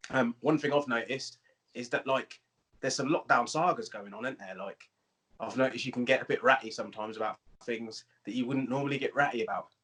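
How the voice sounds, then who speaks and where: A man co-hosting a casual comedic chat, telling relaxed anecdotes about life in lockdown. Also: mid-range voice, fairly quick. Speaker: co-host, comedian.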